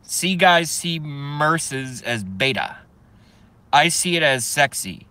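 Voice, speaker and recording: Bright-voiced, profane male streamer. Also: a little high, animated, slow, no room sound. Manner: profane, rambling, joking, reads chat aloud. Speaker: live stream host. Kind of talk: casual ranting live stream.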